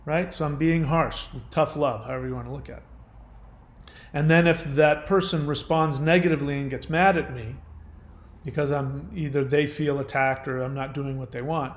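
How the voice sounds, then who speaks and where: Male channel host, earnest unscripted talk to camera, slightly high voice. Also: steady tone, normal speed, reverberant. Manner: earnest, explanatory, acts out quoted voices.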